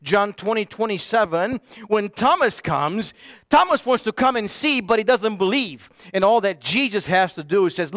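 High-voiced pastor preaching with passion. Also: male voice, animated, normal speed, dry recording. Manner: impassioned, drops to a hush for emphasis. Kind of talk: sermon.

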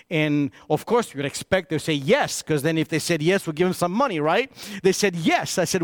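A man preaching a sermon as a pastor, swinging between raised, emphatic preaching and hushed, intimate storytelling, often repeating and restarting words as he tells a story. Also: on the high side, fairly quick, no echo. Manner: repeats and restarts words when telling stories.

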